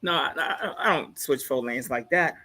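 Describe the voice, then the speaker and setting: A man's voice: mid-range voice, moderate pace, bright, forceful tone, husky. Man guest, easygoing storyteller, boastful, chuckles at his own lines. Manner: laid-back, boastful, laughs at his own jokes. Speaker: guest on a live discussion show. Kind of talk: casual chat, storytelling.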